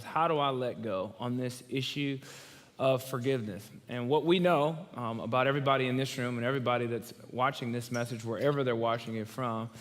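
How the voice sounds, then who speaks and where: A young man preaching a sermon as pastor in a church, telling stories in an animated way and acting out the voices he quotes. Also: mid-range voice, in a large hall. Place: church auditorium.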